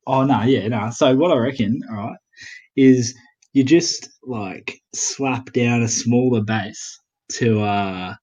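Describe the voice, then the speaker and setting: A man's voice: mid-range voice, a little mellow, highs cut off. A man from Portugal talking casually as a guest on a gaming stream over a voice call, rambling with slang and the odd swear. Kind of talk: casual voice chat.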